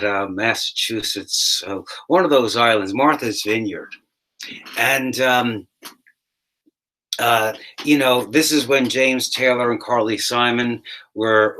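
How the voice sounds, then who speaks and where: A man telling a rambling comic road anecdote in a halting way, full of restarts and fillers. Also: medium pitch, fairly bright tone, poor audio. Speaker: storyteller doing a tribute impression.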